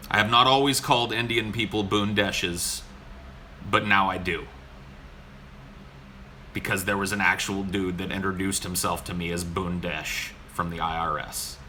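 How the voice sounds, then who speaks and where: A man's voice: low voice, sharp tone, a little hiss or hum. A man co-hosting a podcast, telling a story in a casual, exasperated way, swearing often. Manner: profane, exasperated. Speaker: podcast co-host.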